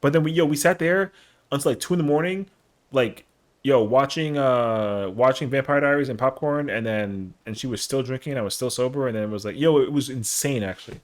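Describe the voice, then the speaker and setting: Guy in his 30s telling a story on stream, super slangy and rambly, mid pitch. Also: brisk. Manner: slangy, rambling, lots of fillers, acts out the quotes. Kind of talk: casual storytelling on a live stream.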